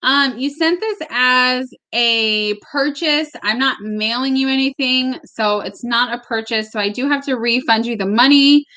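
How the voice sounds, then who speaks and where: A woman's voice: sits high, a little slow, few pauses, bright, forceful tone. A woman giving live-stream tarot readings at home, chatty and casual, sometimes emotional, with the odd swear word. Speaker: tarot reader. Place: home with barking dogs.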